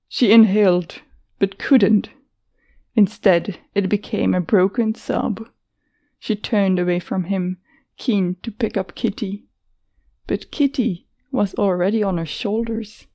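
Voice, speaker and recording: A woman narrating a novel in a slow, deliberate reading. Her tone is mellow and warm, with a mid-range pitch. The delivery is unhurried and scripted. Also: fairly even intonation. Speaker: audiobook narrator.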